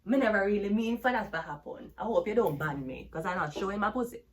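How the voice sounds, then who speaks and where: A woman's voice: mid-range voice, expressive, fast, slight background noise. A woman with a Jamaican accent giving a tarot reading as a brash, cursing rant that slips into patois. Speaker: tarot reader.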